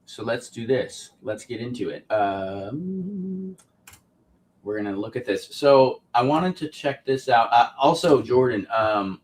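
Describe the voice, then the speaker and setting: A man's voice: mid-range voice, expressive, slow. A man hosting a casual livestream show, chatting easily and reading out viewer comments with frequent ums. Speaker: podcast host.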